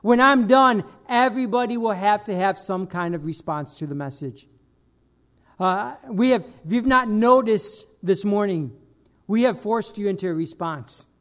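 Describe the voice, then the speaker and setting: Male pastor, high-pitched, emphatic sermon delivery with loud peaks and hushed asides. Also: normal speed. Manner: emphatic preaching with sudden loud bursts and dropped quiet lines.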